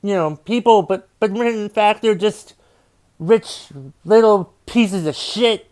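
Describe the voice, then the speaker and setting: A man's voice: high-pitched, slow, darkish tone, smooth. A man who hosts his own podcast as a stand-up comedian, ranting in an exasperated, profane way and repeating his refrains. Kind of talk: comedic rant.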